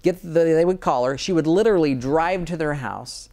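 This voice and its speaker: Eager man with a higher voice. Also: normal speed, darkish tone. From Utah, USA. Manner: earnest, enthusiastic, many restarts. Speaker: dentist, guest. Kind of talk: interview conversation.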